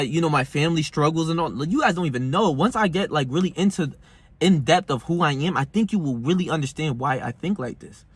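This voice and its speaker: Young male self-help vlogger, husky, fairly high voice, dry close sound, brash and profane. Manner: brash, slangy, heated, profane. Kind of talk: casual monologue to camera.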